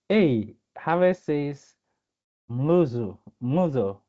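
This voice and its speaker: Coding teacher on a livestream, slow and chatty, laughs a lot, reads the chat, kinda muffled lo-fi audio. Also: medium pitch. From Ghana. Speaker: coding instructor. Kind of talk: live-streamed coding lesson.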